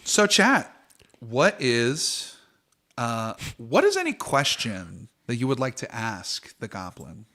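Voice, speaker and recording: A man's voice: medium pitch, very animated, slow pace, bright, forceful tone. A man narrating as game master of a tabletop game on a livestream, in a playful way with frequent laughter.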